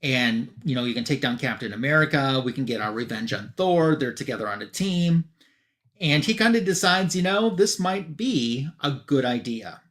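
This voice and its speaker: A man's voice: medium pitch, lively intonation, fairly bright tone. A chatty man retelling a comic. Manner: chatty, with loose fillers and quick asides. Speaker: comic book reviewer. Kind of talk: casual retelling of a comic issue.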